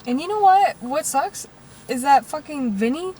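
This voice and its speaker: A young woman co-hosts a casual podcast from a car, her voice a touch high. She talks in a halting way, full of fillers, and swears now and then. She sits a bit back from the mic, with faint hiss behind her. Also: lively intonation, a little mellow, distant mic, rough recording. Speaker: podcast co-host. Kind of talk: casual chat. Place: inside a car.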